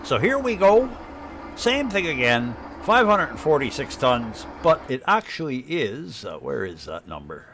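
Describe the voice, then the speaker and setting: A man's voice: mid-range voice, sing-song, a little slow, a bit bright, slight background noise. Chatty man with an Ottawa Valley accent. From Ottawa, Canada. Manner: rambling, chatty, thinking aloud. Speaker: live streamer. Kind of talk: live gameplay commentary.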